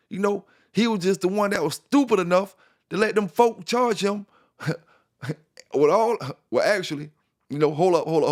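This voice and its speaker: Male vlog host, slightly higher voice, combative repetitive rant. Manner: confrontational, repetitive, calls out rivals with laughs. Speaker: dog news channel host. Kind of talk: casual ranting monologue.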